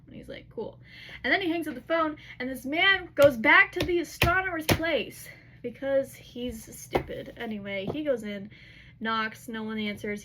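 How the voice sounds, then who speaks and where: Young woman, chatty recap vlogger, a bit high-pitched, loose filler-heavy delivery, faint background hiss. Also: a bit bright, low-quality recording. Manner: chatty, lots of "like" and "whatever", quick acted quotes in her own voice. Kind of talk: casual book recap.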